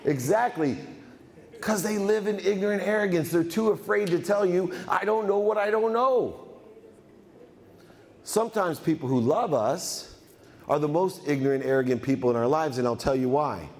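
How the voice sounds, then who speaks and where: Energetic male speaker in a reverberant hall. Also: fairly high pitch, normal speed. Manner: energetic, emphatic, repeats phrases for effect. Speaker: motivational speaker. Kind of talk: motivational keynote speech.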